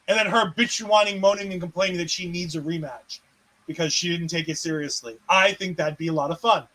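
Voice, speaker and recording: A man's voice: high-pitched, steady tone, a little fast, sharp tone, poor audio. A man co-hosting a casual wrestling recap, retelling scenes with sarcastic asides and acted-out quotes. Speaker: co-host.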